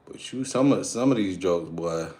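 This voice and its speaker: A man's voice: deep voice, animated, moderate pace, darkish tone. A man chatting loosely on a live stream, slangy, profane and rambling. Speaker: fitness streamer. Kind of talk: casual live-stream chat.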